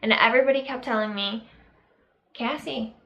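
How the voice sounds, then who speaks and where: A young woman talks to her camera in a slow, unhurried vlog, pausing often and leaning on fillers as she reflects. Her voice sits a little high and sounds bright and clear. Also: steady tone, lo-fi sound. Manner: halting and reflective, with many fillers and pauses. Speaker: vlogger. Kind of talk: casual personal storytelling to camera.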